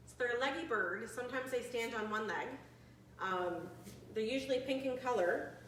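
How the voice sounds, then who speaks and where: A woman in her forties leading a bird trivia quiz for seniors, chatty and friendly, reading questions out slowly. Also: on the high side, a bit bright, slight background noise. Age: 40s. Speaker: activity leader. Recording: echoey room, from a distant mic.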